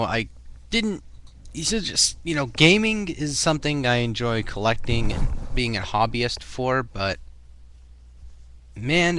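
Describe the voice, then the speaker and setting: A man's voice: medium pitch, fairly bright tone, a little hiss or hum. A young man with a Boston accent, chatting casually in a rambling vlog full of fillers and restarts. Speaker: vlogger.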